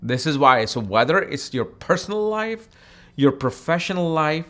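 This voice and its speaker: A man from India teaching astrology in a casual, animated, conversational way, acting out people in his anecdotes. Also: on the high side, moderate pace.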